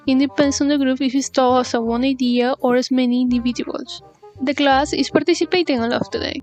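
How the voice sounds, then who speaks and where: A woman whose first language is Spanish, reading a scripted English lesson and carefully reading out paired example sentences. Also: sits high. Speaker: English teacher.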